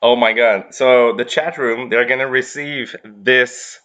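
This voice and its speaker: A man's voice: mid-range voice, steady tone, unhurried, fairly bright tone. A man co-hosting a casual livestream, reading out the chat and counting votes unhurriedly.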